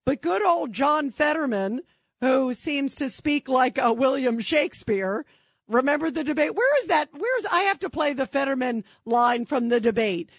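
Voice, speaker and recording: A woman hosting a radio talk show, sarcastic and animated, mocking and doing impressions as she talks. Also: high-pitched, moderate pace, no room sound.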